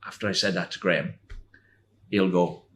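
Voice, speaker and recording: A man in his sixties, a former footballer, telling animated anecdotes as a podcast guest and laughing as he goes. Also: sits low, moderate pace, a little hiss or hum. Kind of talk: anecdotal storytelling.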